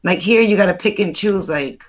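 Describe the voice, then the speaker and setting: An older woman, chatting as a host. She tells her stories in a lively, talkative way at a middling pitch. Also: a little fast. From New York. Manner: chatty, animated storyteller. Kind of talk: casual chat.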